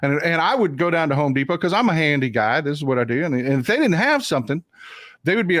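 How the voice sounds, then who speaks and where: A male host chats on his livestream, his fairly high voice leaping up and down as he tells stories. He acts out the people in his stories. The sound is dry and close, with no room around it. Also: fast, dry recording. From Texas. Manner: animated storyteller, mimics people in raised voices. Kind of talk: casual chat.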